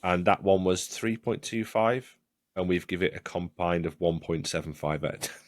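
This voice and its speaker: A man's voice: deep voice, normal speed, no room sound, clean studio sound. A man co-hosting a casual podcast watch-along, talking bluntly with plenty of swearing and restarts. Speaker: podcast co-host.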